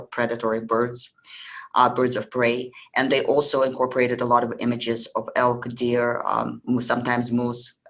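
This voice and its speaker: A podcast host whose first language is Russian talks loosely about ancient beliefs in a casual history lecture, with many ums and restarts. His mid-range voice has vocal fry and a fairly bright tone, and the audio quality is poor.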